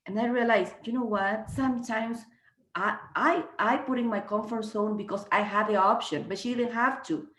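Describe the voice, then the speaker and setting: A woman's voice: on the high side, steady tone, normal speed, fairly bright tone. Spanish-accented woman, earnest video-call trainer, many restarts, echoey room. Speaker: real estate agent presenting a training. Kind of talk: casual online presentation.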